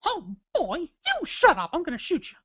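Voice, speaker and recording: A man voicing a squeaky, hot-tempered cartoon mouse in a high falsetto. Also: wildly swooping pitch, moderate pace, sharp tone, lo-fi sound, full character voice. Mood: angry.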